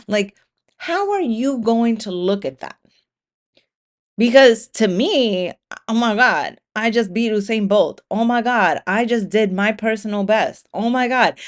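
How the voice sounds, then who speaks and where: A woman hosting a solo motivational podcast, talking casually with lots of swearing and acting out the inner voices of imagined runners. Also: medium pitch. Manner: animated, profane, acts out imagined racers' thoughts. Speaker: podcast host.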